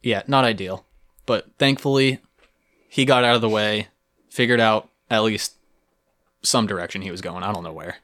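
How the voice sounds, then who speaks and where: A man's voice: fairly low pitch, normal speed, pauses often, a bit bright. A young man co-hosting a podcast, telling a story vividly and playfully in casual chat. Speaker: podcast co-host.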